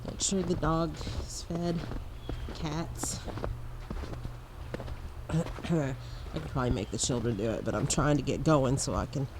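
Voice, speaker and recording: A middle-aged woman with a sick, hoarse voice talks slowly into her phone outside in the snow. She rambles and chuckles her way through everyday vlog chatter. Outdoor noise and animal sounds fill the background. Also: rumbling low. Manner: slow, rambling, laughs often. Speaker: vlogger. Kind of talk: casual vlog chat. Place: outdoors in a snowy yard with chickens. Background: outdoor ambience with animals.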